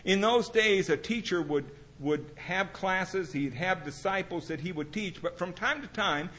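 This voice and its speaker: A man's voice: high-pitched, measured pace, fairly bright tone. A man preaching an earnest, conversational sermon, mixing scripture reading with everyday stories. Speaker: pastor.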